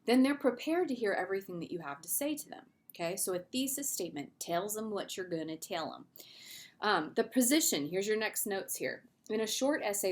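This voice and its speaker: A woman's voice: medium pitch, lively intonation, fairly quick. A middle-aged woman, an English teacher, giving a recorded video lesson in a casual, conversational way with fillers and asides.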